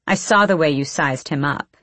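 A woman reading the lines of a blunt, teasing, sharp-eyed clan girl in an audiobook. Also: deep voice, moderate pace, dry recording.

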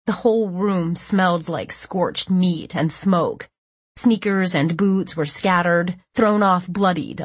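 Woman narrator, first-person audiobook, measured delivery, dry close-mic sound. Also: fairly low pitch, no echo. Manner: steady, measured storytelling.

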